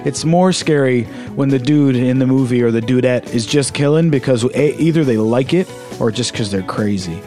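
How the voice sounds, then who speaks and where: A man's voice: medium pitch, normal speed, few pauses, mellow, faint music behind. A man co-hosting a podcast, chatting loosely and swearing casually. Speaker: podcast co-host. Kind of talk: casual chat.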